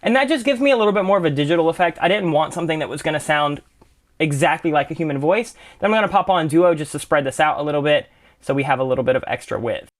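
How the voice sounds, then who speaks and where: A young man gives a casual screen-share tutorial on music production plugins, chatting in a relaxed way like a friendly tutor showing his own workflow. His voice is a bit high and he speaks fast, packing in fillers such as "kind of" and doubled words like "really, really."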